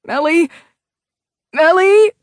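Brief: narrator doing a scared stammering young brother, frozen with fear, dry close read. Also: female voice, very high voice, slow pace, no room sound, voice pushed up. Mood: terrified. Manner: stammering, fearful. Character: terrified groggy young male brother.

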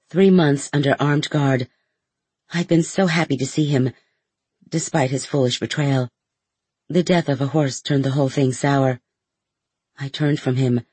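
A man reading a first-person novel aloud in a measured storytelling manner as an audiobook narrator. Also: medium pitch, a little mellow, husky, no room sound.

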